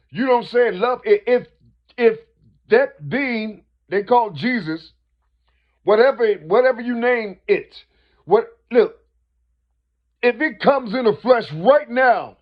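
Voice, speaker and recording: A man's voice: extremely high pitch, lively intonation, slow pace. A man, giving a rambling spiritual monologue that keeps asking the listener "you see?". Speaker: speaker. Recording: dull lo-fi recording.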